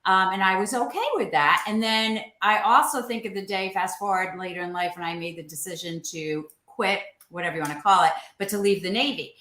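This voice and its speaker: Bright-voiced animated woman co-host. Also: medium pitch, a little fast, hardly any pauses, roomy sound. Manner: animated, laughing storyteller. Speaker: podcast co-host. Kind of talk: casual panel chat.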